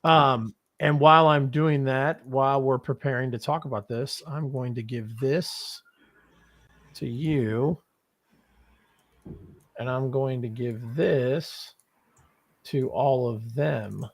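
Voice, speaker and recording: A man's voice: mid-range voice, takes it slowly, gravelly, long pauses, dry recording. Hesitant man, dry sound. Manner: hesitant, many fillers and restarts, joking and profane. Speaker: co-host. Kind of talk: casual wrestling post-show chat.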